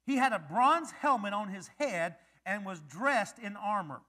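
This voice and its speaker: A male pastor preaching a lively sermon, joking and quizzing his congregation. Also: high voice, unhurried.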